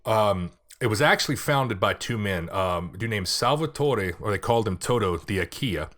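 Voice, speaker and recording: A man's voice: on the low side, expressive, moderate pace, fairly bright tone. Joking, rambling man hosting a podcast. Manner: joking, rambling, swears casually. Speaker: podcast host. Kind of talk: casual solo podcast monologue.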